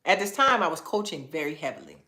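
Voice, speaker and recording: Woman wellness coach, low-pitched, animated casual storyteller, echoey room; host of a live stream. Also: fast talker. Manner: animated storytelling, acts out quoted voices in a much higher pitch; casual, conversational phrasing.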